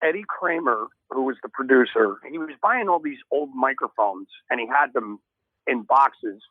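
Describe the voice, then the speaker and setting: A man's voice: mid-range voice, animated, normal speed, no room sound. A man in his sixties, a guest musician, telling stories casually and acting out the voices of people in them. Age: 60s. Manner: casual, swears, acts out voices. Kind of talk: animated storytelling. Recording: narrow phone-like remote line.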